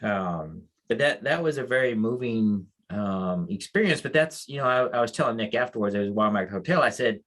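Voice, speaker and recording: Rambling, low-voiced American man. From United States. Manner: rambling, emotional, many restarts. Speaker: podcast co-host, mental health advocate. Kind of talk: casual storytelling chat.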